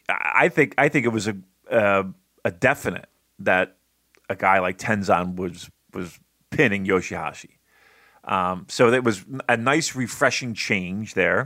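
A man co-hosting a podcast, talking in a rambling, excitable way and swearing freely. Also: lowish voice, no echo, studio quality. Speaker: podcast co-host. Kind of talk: casual wrestling review chat.

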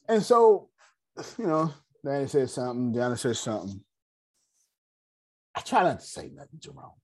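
A man leading a class in a casual, animated way, telling stories and talking straight to his audience. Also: mid-range voice, moderate pace. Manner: animated, digressive, addresses the audience directly. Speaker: class leader. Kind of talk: casual teaching and storytelling.

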